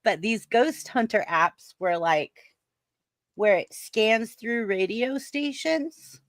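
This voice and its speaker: Animated middle-aged woman telling a story. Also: fairly high pitch, takes it slowly, no echo, clean studio sound. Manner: animated storyteller who mimics sounds. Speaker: storyteller on a chat show. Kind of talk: casual chat.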